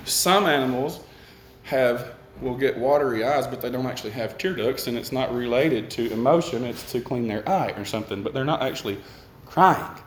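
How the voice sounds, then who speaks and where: A man's voice: mid-range voice, lively intonation, normal speed, echoey room, slight background noise. A man preaching a conversational sermon and putting questions to his listeners.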